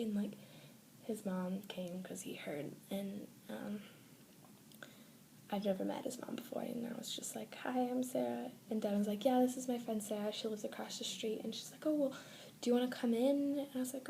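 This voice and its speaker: A woman's voice: medium pitch, vocal fry, warm tone, a little hiss or hum. A teenage girl vlogging, telling a long personal story in a casual, rambling way with many fillers, often dropping to a whisper. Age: teens. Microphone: phone or webcam.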